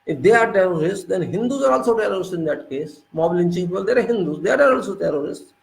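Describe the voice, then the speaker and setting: Indian English man, fairly high voice, indignant lecturing monologue, echoey room. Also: expressive, fast, creaky, a little mellow. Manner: indignant, lecturing, repeating rhetorical questions. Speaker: political commentator. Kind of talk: spoken political monologue.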